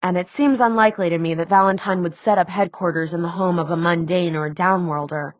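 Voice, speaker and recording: Woman reading a practical middle-aged man, dry delivery, low voice, close dry sound. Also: fairly even intonation, fast, dry recording, phone-quality sound, close to an everyday voice. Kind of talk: audiobook character voice.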